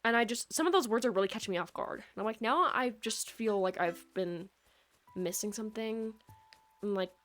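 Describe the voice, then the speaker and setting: Soft lofi music backs a young woman with a Midwestern accent who rambles through casual gameplay chat on her stream, leaning heavily on "like." Her voice is medium in pitch and fairly quick, recorded on a USB microphone.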